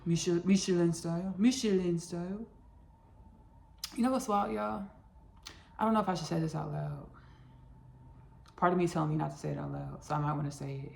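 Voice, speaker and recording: A woman's voice: low-pitched, fast talker, creaky, pauses often, roomy sound, a little hiss or hum. A woman hosting a home cooking video in her kitchen, chatting in a rambling, casual way and addressing viewers as y'all. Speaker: home cook and channel host. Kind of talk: casual cooking vlog chat.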